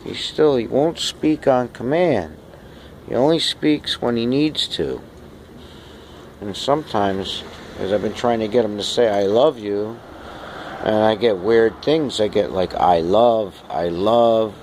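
Man, low gravelly voice, coaxing pet owner doing sing-song baby talk on a terrace, handheld camera. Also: slow, darkish tone, slight background noise. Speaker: cat owner filming his pet. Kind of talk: casual home video talking to his cat. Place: outdoor terrace in the rain.

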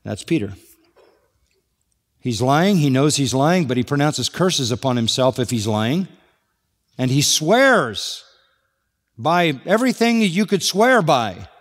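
A man's voice: medium pitch, big pitch swings, slow, long pauses. A man preaching a sermon, walking through a passage verse by verse with rhetorical questions. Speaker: pastor. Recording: long hall reverb.

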